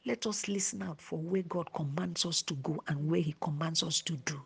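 A woman preaching a sermon, dropping to a hushed whisper at times and rising to emphasis. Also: low-pitched, steady tone, normal speed, vocal fry, slightly rough.

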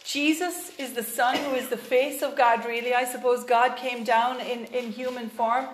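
A woman's voice: a little high, fairly even intonation, normal speed, roomy sound, a little hiss or hum. A woman preaching a sermon in an earnest way, with frequent fillers and restarts.

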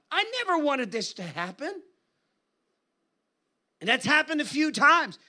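A man preaching a sermon in an animated, conversational storytelling manner. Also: extremely high pitch, normal speed. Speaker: guest preacher.

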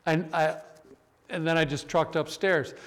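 High-voiced preacher man, echoey hall. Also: unhurried. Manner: animated storytelling, acting out voices. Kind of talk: sermon with personal stories.

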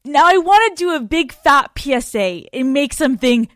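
A woman's voice: high-pitched, expressive, normal speed, a bit bright, dry recording, clean studio sound. Brash, profane woman podcaster. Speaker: podcast host. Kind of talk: casual solo podcast monologue. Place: hotel room. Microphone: microphone set on a bed.

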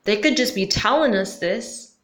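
A young woman talks straight to camera in a loose, slangy way, tossing out question after question and cursing now and then. Her pitch sits in the middle range. The room around her adds a noticeable echo. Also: lively intonation, moderate pace, fairly bright tone. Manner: casual and slangy, questioning, with frequent "like" and some cursing. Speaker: vlogger. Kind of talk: casual talk to camera. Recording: roomy echo.

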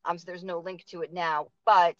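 A woman's voice: lowish voice, level tone, normal speed, dull audio. A woman with a Boston accent hosting a casual interview, talking chattily with lots of fillers. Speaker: podcast host.

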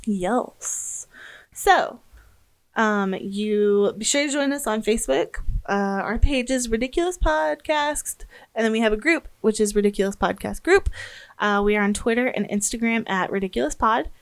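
A woman's voice: fairly high pitch, moderate pace, smooth. American woman co-host, casual and giggly, stumbles over read-out names. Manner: giggly, stumbles while reading aloud. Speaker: podcast co-host. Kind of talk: casual podcast chat.

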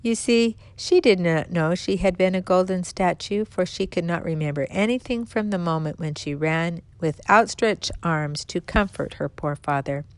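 Female storyteller, lowish voice, gentle expressive read, dry close mic. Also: no room sound. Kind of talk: storybook narration.

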